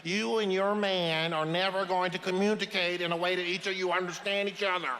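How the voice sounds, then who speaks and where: Brassy elderly grandma played by a man, high and bright, sassy folksy drawl, echoey hall. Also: flat delivery, brisk, slight background noise. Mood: sassy lecturing. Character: brassy elderly Southern grandmother, blunt and preachy. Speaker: advice-giving matriarch. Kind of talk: film comedy-drama acting.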